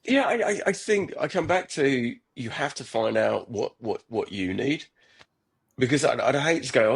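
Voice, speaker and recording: A middle-aged startup founder is a guest on a podcast, reflecting earnestly in a conversational interview and often repeating words or restarting sentences. His mid-range voice is animated and slightly rough with vocal fry, at a normal speed.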